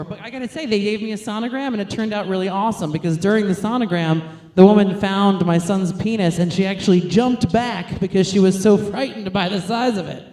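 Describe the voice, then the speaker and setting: A woman's voice: mid-range voice, a little mellow, roomy sound. A young woman from New York, a stand-up comedian, telling crude, self-mocking jokes.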